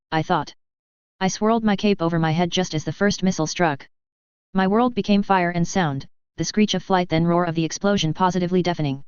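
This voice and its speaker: A woman reading a first-person fan fiction story aloud in a steady narrating voice. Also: fairly low pitch, fairly quick, smooth, no echo. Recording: dull lo-fi dry recording.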